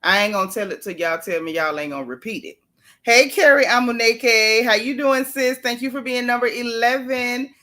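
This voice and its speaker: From home, close to the camera, a woman livestream host chats casually with her viewers at a moderate pace. Her voice is a little high, bright, and forceful with fairly even intonation, and she playfully calls out each viewer by name.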